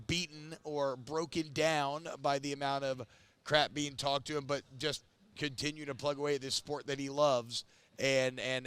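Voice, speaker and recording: A man's voice: medium pitch, a bit bright, clean tone. A man in his thirties co-hosting a casual sports talk show, emphatic and opinionated, speeding up in bursts and stretching his stressed words.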